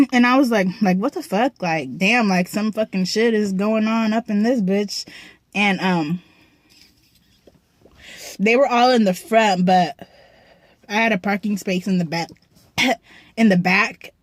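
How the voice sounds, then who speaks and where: Young woman vlogger, mid-pitch, dry sound; slangy, swears a lot, keeps clearing her throat. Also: unhurried, long pauses, dry recording. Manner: profane, slangy storytelling with frequent throat clearing. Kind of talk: casual storytime. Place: parked car.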